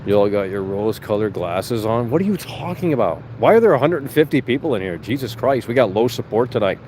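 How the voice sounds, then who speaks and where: A man's voice: medium pitch, big pitch swings, fast talker, a little mellow, a little hiss or hum. A young man hosting a livestream, chatting casually to viewers in a rambling, sarcastic, profane way from a car. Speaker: livestream host. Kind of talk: casual livestream chat reading viewer comments.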